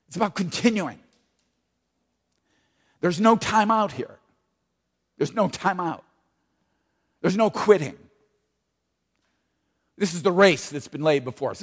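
A man's voice: high voice, in a large hall. A man preaching a sermon, repeating key phrases with emphatic weight. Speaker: pastor.

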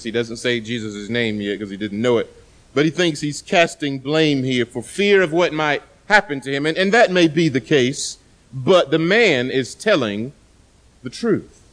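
A man preaching a sermon in a loud, emphatic voice, often repeating words and pausing for effect. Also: mid-range voice. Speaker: pastor.

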